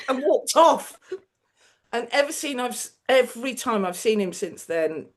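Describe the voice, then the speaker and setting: A middle-aged woman tells stories in an animated, chatty way, often laughing. Her voice sits a little high. She acts out the people in her stories as she goes. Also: moderate pace. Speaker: guest, TV producer. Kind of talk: casual chat, anecdote telling.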